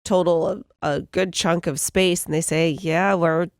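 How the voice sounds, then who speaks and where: A woman co-hosting a morning radio show, reading entertainment news and telling stories briskly. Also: fairly low pitch, fairly even intonation, dry recording, clean studio sound. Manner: brisk storytelling, bright laughs.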